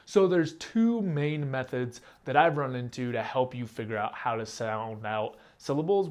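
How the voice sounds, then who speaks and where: A man hosting his own channel, explaining a rap technique step by step in a plain, direct, casual way. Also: medium pitch. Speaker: rap teacher and channel host. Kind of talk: casual instructional talk to camera.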